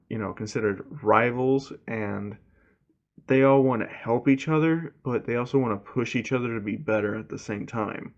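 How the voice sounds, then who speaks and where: A man's voice: lowish voice, lo-fi sound. A man casually retelling a fan story, rambling with lots of "you know" fillers.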